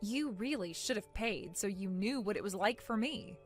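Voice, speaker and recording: A woman voicing a calm, sarcastic young woman who talks softly and coolly in an animated story. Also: mid-range voice, normal speed, close to an everyday voice. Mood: matter-of-fact. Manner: soft, cool, sarcastic. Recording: faint music underneath.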